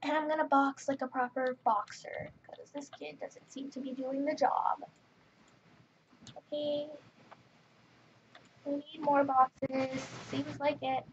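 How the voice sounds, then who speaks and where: A woman's voice: high-pitched, little pitch movement, a little slow, a little hiss or hum. A woman giving casual, chatty running commentary while playing a game, often exasperated with other players. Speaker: gaming channel host. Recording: dull lo-fi mic with faint keyboard clicks.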